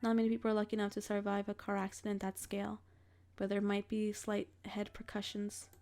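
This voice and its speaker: A woman voicing a calm male doctor from a visual novel, speaking softly, slowly and consolingly. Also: medium pitch, lightly acted. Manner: soft, slow, consoling.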